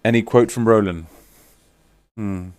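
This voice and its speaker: A man's voice: on the low side, unhurried, darkish tone, dry recording, studio quality. A man chatting casually with viewers on a live stream while signing autographs, teasing and reading out names.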